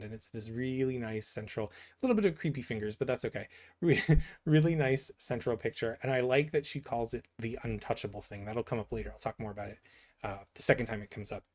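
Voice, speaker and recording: A man's voice: mid-range voice, fairly quick, a little mellow. A man giving casual, rambling commentary on comic book pages, full of fillers and asides that end in "right?". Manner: rambling, filler-heavy, keeps asking "right?".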